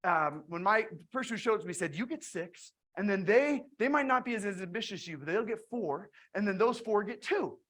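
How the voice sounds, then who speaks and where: Energetic woman sales trainer telling stories. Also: medium pitch, fairly quick, hardly any pauses. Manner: energetic storytelling with frequent restarts. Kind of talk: motivational sales talk with retold conversations.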